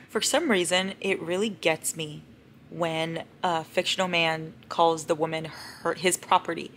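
Young female book vlogger, chatty and playful, lower voice, faint noise. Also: fairly bright tone. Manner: chatty, gushing, playful asides. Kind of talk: casual reading vlog chat. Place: home at night.

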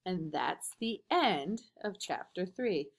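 A young woman reading a chapter book aloud to children, expressive and pausing to ask questions. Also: lowish voice, gravelly. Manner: expressive, animated.

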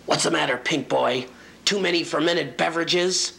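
A man voicing a disgruntled, hefty male raccoon who rants and threatens in a gruff, sneering voice. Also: moderate pace. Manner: ranting, with sharp swings in pitch and loudness. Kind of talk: comic story voice.

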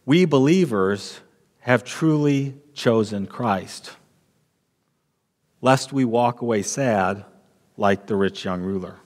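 Slow, measured preaching pastor in a reverberant hall. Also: male voice, medium pitch, darkish tone. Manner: measured preaching, repeats key lines for emphasis. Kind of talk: sermon. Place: church sanctuary.

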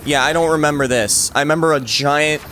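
A young man giving excitable game commentary, laughing and talking back at the game as he plays. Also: a little high, brisk, noisy background. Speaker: gaming YouTuber.

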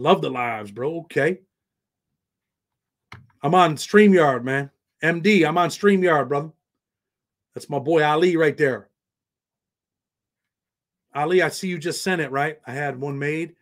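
An American man hosting a livestream, chatting loosely with viewers in slang and answering their comments. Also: on the high side. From United States. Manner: loose, slangy, talks straight to chat. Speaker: livestream host. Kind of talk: casual livestream chat reading viewer comments.

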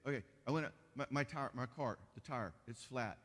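A man acting out a flustered young wife who panics over a flat tire, stammering and repeating herself. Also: medium pitch, a little fast, lightly acted. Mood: panicked. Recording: echoey hall reverb.

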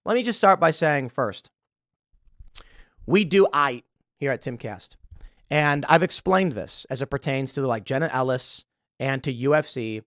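A man hosting a commentary show talks in a sarcastic, mocking rant, often mimicking the people he criticizes. His pitch jumps around a lot and sits a little high for a man. The studio sound is close and dry, with little room echo. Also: normal speed. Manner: sarcastic, animated, mocks with put-on quotes. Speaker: host. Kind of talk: opinionated commentary monologue.

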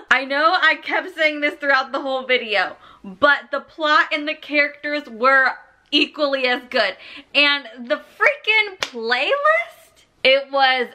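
Woman vlogger reacting to her reading, giggly and effusive, drawn-out delivery with a bright voice. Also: sits high, expressive. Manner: giggly and gushing, laughs often; heavy use of "like" fillers. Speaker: book vlogger. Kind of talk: casual reading vlog.

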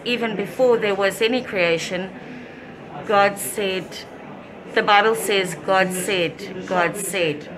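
A young pregnant woman chatting in a vlog about her morning at the hospital, in a heartfelt, reflective way. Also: mid-range voice. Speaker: pregnant vlogger. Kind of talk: casual vlog chat. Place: at a hospital, partly outdoors.

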